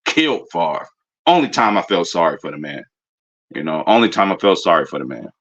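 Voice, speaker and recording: A man rants loosely and profanely about his team, his voice bright and pushing forward. He rambles, restarts and swears as he gloats. The sound is a bit muffled and lo-fi. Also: sits low, a little fast. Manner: animated, profane, rambling fan banter. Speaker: sports fan commentator. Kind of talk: casual fan rant.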